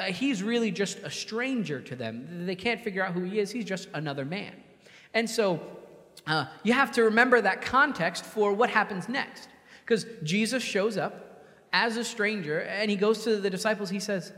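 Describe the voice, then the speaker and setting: A man's voice: sits high, moderate pace, fairly bright tone, big-room sound. A man preaching a sermon in a conversational way, acting out the voices of the people he quotes. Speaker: pastor.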